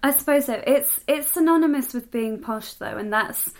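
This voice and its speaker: A chatty woman co-hosting a podcast, speaking a soft modern RP English accent. Her voice sits a little high for a woman, and she laughs easily and pokes fun at herself. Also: normal speed. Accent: modern received pronunciation, English. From southwest England. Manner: chatty, laughs often, self-deprecating. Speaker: podcast co-host. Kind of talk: casual chat.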